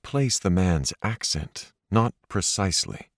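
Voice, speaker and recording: A man with a low voice reads an audiobook in a measured, expressive way. The scripted narration is recorded dry, with clean studio sound.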